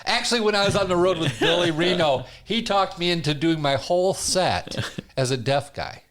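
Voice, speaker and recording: A man, a stand-up comedian, telling stories in a casual studio interview, quick and chuckling. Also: high voice. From Detroit area. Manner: animated storyteller, quick and chuckling.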